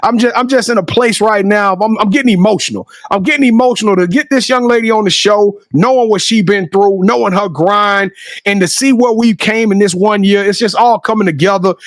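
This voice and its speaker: A man with a Southern American accent co-hosting a sports talk show, effusive and hyped, shouting catchphrases. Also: high-pitched, no room sound. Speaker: podcast co-host. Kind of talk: enthusiastic show wrap-up and outro.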